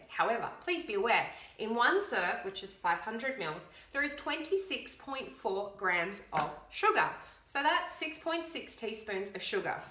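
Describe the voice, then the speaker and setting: A woman's voice: a little high, pushed and bright. An upbeat woman, a fitness coach chatting casually to camera while counting aloud. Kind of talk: casual video chat. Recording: echoey room.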